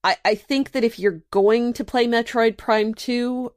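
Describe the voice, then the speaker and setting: A woman's voice: a little high, fairly even intonation, measured pace, no room sound, clean studio sound. A woman co-hosting a podcast, talking casually and a little hesitantly, often restarting her sentences. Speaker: podcast co-host.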